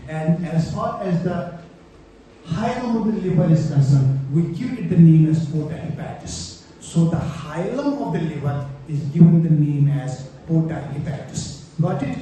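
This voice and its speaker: Male medical lecturer with a dark, mellow tone, heard from a distance in a very echoey room, prompting students with questions. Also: a little high. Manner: explanatory, checks in often with rhetorical questions. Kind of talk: exam-prep anatomy lecture. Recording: very echoey room, distant mic, faint noise.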